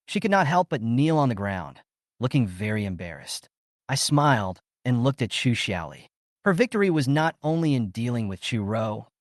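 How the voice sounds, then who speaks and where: A man narrating a recap story in a steady, scripted storytelling voice. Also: mid-range voice, dry recording, clean studio sound.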